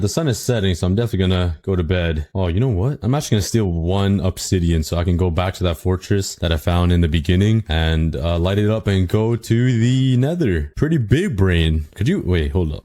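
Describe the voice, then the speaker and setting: A man giving casual, excitable gameplay commentary, joking at his own expense and talking straight to his viewers. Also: low voice. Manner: excitable, self-mocking, talks to viewers. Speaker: gaming channel host.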